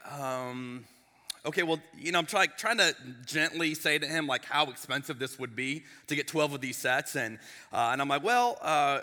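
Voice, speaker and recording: Male pastor, conversational sermon delivery, very bright tone, big reverberant church hall. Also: a little high. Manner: animated, chatty, with frequent restarts and asides. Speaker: lead pastor. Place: church sanctuary. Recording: long reverb of a large hall.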